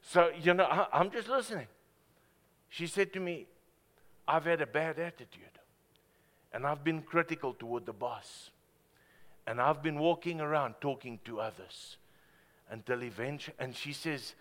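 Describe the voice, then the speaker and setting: Animated pastor preaching. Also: male voice, mid-range voice, normal speed, long pauses. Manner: animated storytelling, swings from loud to hushed. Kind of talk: sermon. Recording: hall reverb.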